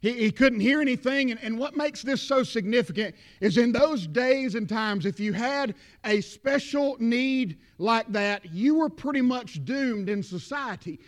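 A man's voice: very high voice, lively intonation, unhurried, hardly any pauses. A man with a Southern accent preaching a sermon as pastor, emphatic, repeating words and calling out amens.

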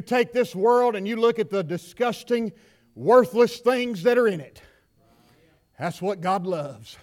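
A man preaching a sermon in a church, swinging from quiet asides to shouted lines. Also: high voice, a little slow. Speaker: pastor. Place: church sanctuary.

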